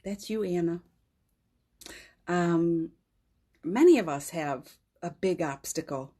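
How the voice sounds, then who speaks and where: Eine Frau mittleren Alters, die als Gastgeberin einer täglichen spirituellen Live-Sitzung gefühlvoll erzählt, oft den Tränen nahe und mit leisem Lachen. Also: female voice, on the low side, slow. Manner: emotional, often tearful, laughs softly between phrases. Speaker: host of a daily live spiritual session. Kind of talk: heartfelt spiritual storytelling. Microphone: phone livestream.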